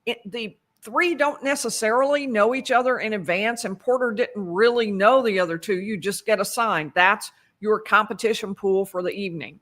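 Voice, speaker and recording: Bright-voiced woman recapping a trial. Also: mid-range voice, normal speed, few pauses. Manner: conversational, self-correcting, dry asides. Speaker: legal commentator.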